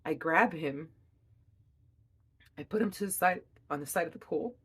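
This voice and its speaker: A young woman, a mother, telling a personal story in an emotional, halting way with many restarts. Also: deep voice, breathy edge. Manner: emotional, reliving events.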